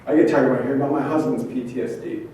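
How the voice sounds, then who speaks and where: A man's voice: medium pitch, fairly even intonation, rapid-fire, mellow, a little hiss or hum. A man, a trauma therapist at an event, performing a dramatic spoken-word monologue full of intense rhetorical questions and repetition. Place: event venue, indoors. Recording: echoey room, mic from far off.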